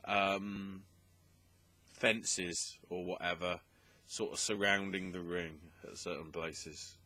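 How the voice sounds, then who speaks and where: A man's voice: deep voice, fairly even intonation, moderate pace, pushed and bright. A young man hosting a wrestling podcast, recapping results in a casual, rambling way, with many fillers and asides.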